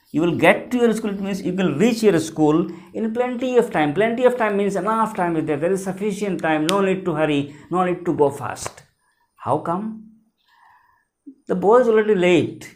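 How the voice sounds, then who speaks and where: A man, teaching a lesson and explaining words slowly and repetitively, spelling some out letter by letter. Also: high voice, darkish tone. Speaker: English teacher.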